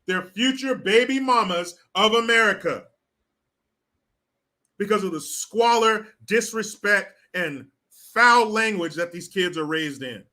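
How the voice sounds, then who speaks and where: A man's voice: high-pitched, expressive, measured pace, pushed and bright. A man delivering blunt, profane, indignant commentary to the camera. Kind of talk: ranting commentary.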